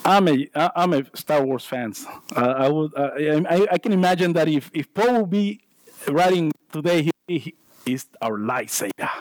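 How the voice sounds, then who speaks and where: A man's voice: a little high, animated, normal speed, no room sound, low-quality recording. A man with a non-native English accent preaching a sermon in church, joking about himself and restarting his sentences often. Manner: self-deprecating, jokey asides, stammering restarts.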